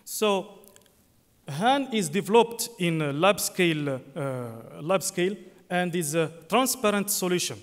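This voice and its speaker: Speaking animatedly in an echoing conference hall, a high-voiced presenter delivers a technical talk. He stumbles along with frequent fillers and corrects himself often, and the long hall reverb is audible.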